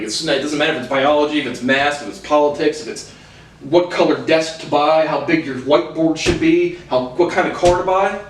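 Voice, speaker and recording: A man delivering an angry, profanity-filled rant to his viewers, hurling insults and repeating himself as he restarts phrases. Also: a little high. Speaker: video host. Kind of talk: ranting monologue to camera. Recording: roomy sound from a distant mic.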